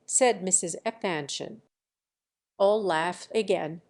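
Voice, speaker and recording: A woman narrating a classic novel audiobook in a measured, clear storytelling manner. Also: lowish voice, darkish tone.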